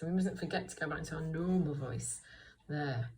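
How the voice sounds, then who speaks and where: Gentle teacher reading to children. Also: female voice, sits low, slight background noise, rough recording. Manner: slow, clear and encouraging, with many questions to the listener. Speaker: primary school teacher. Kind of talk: reading lesson for young children.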